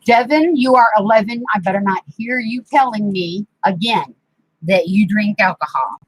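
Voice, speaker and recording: A woman's voice: medium pitch, normal speed, breathy edge, dry recording, low-quality recording. A middle-aged woman hosting a home craft live stream. She chats casually while she works and playfully scolds and teases the kids around her. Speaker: craft channel host. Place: home craft room, indoors. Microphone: computer mic on the desk.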